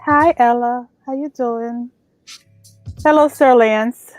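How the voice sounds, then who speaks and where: A woman co-hosting a casual online show, greeting viewers by name with drawn-out exclamations. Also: fairly high pitch, steady tone, dry recording, faint music behind. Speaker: co-host. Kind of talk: casual chat.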